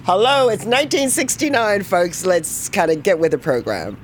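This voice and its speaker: A woman's voice: medium pitch, wildly swooping pitch, moderate pace, slight background noise. An older woman from New York, telling her own stories in an interview and acting out the voices in them. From New York, USA. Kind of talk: storytelling interview.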